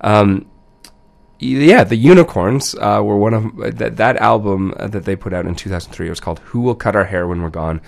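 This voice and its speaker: Nasal, gravelly man with a cold. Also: fairly low pitch, fairly quick. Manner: loose, rambling, self-correcting. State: has a cold. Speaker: radio DJ. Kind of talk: casual radio chat between songs.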